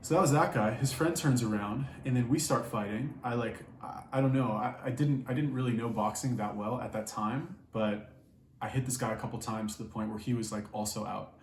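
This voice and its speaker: A man's voice: medium pitch, fairly quick. Brief: young guy, casual profane storytelling, echoey room, faint noise. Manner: profane, rambling, filler-heavy. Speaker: vlogger.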